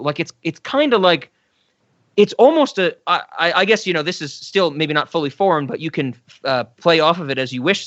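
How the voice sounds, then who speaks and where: A man's voice: high voice, fairly bright tone, dry recording, highs cut off. A man co-hosting a film podcast, talking enthusiastically and rambling with restarts. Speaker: podcast co-host. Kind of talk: casual film discussion.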